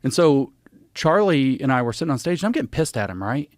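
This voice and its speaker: Podcast guest, male, emphatic, animated explainer, close dry studio mic. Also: mid-range voice, fairly quick, no echo. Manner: emphatic, animated, cites sources. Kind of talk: conversational explanation.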